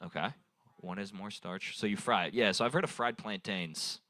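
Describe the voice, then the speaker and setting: A man's voice: on the low side, normal speed, pushed and bright, no room sound. A young man doing improvised stand-up at an open mic, loose and rambling, swearing and laughing at his own jokes into a handheld mic. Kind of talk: improvised stand-up crowd work. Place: small bar stage. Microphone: handheld stage mic.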